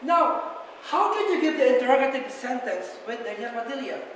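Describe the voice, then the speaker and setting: A woman's voice: high-pitched, animated, moderate pace, slight background noise. A young woman, a student teacher giving a patient, encouraging classroom lesson and repeating key points. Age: young adult. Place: classroom, echoey. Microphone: far camera. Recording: echoey classroom from far off.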